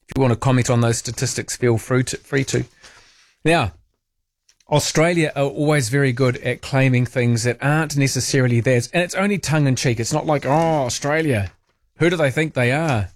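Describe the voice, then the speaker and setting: A man's voice: medium pitch, a little fast. Wry New Zealand radio host man. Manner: chatty, wry, asks listeners questions. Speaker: overnight talk radio host. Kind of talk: casual radio chat. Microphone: studio microphone.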